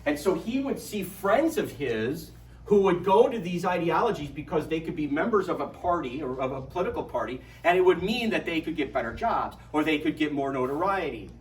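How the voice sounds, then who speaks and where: A middle-aged man giving a lively, joking parish talk to an audience, telling stories as he goes. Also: on the high side. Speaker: adult formation speaker. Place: parish hall. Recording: echoey hall from far off.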